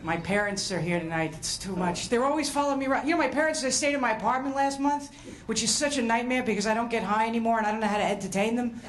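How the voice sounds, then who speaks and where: Self-mocking high-voiced woman comic. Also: fast talker, a little hiss or hum. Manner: chatty, self-mocking delivery. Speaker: stand-up comedian. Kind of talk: stand-up comedy set.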